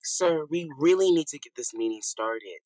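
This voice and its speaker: A woman's voice: low voice, expressive, normal speed, a little mellow, dry recording, rough recording. Woman as a curt family lawyer. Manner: curt, businesslike, snappish. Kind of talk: school play over video call.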